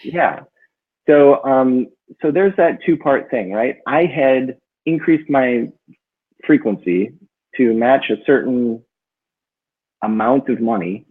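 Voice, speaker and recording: A man with a slightly husky voice tells a long personal story in a loose, rambling way, full of fillers and restarts. The sound is thin and phone-like. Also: medium pitch, slow. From northern Minnesota. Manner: rambling, many fillers, lively when quoting himself. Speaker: book club co-host. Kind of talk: casual storytelling chat. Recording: tinny phone-like audio.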